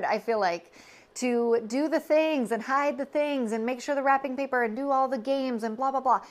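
A woman's voice: high-pitched, normal speed. Earnest woman podcaster, confiding. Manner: earnest, confiding, animated with asides and self-corrections. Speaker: podcast host. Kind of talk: personal storytelling monologue.

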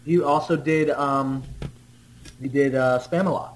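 A man's voice: mid-range voice, steady tone, measured pace, a little hiss or hum, poor audio. A man in casual conversation about films, often restarting his sentences. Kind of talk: casual film discussion.

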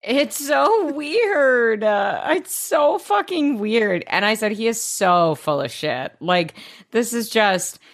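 A woman's voice: a little high, slow. A woman co-hosting a podcast, chatting casually about a TV episode, swearing freely and acting out characters' lines. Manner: animated, swears freely, acts out quotes. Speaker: podcast co-host. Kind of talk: casual recap chat.

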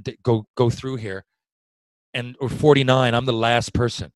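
A man telling a long story in casual chat, swearing often and getting loud when worked up. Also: medium pitch, normal speed, dry recording, rough recording. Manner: profane, animated, swings loud when worked up.

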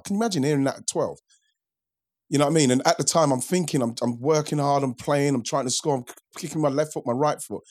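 A man's voice: a little high, quick pace, darkish tone. Reflective man telling stories in a podcast chat. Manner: reflective, repeats himself while storytelling. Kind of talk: casual chat.

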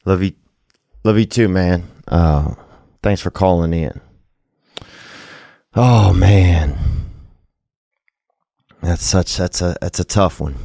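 A man with a low, gravelly, dark voice talks slowly and pauses often, heard in studio quality without room sound. As host of a casual call-in podcast, he rambles loosely and tells crude jokes, then gives earnest advice.

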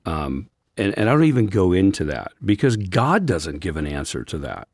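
A man co-hosting a faith podcast as a Christian counselor, talking earnestly and gently, slowing when moved. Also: low voice, big pitch swings, no echo, clean studio sound. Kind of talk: reflective faith discussion.

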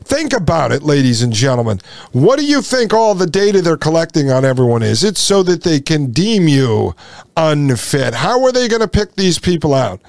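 A man's voice: a little high, sing-song, normal speed, creaky, a little mellow, no echo, clean studio sound. A male podcast host reading from an article and breaking off into indignant, sarcastic commentary. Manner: indignant, sarcastic asides between quoted passages.

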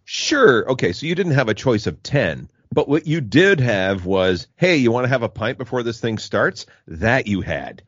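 A man co-hosting a podcast in casual chat, relaxed and mostly giving short replies. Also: medium pitch, normal speed, hardly any pauses, no echo, muffled recording. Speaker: podcast co-host.

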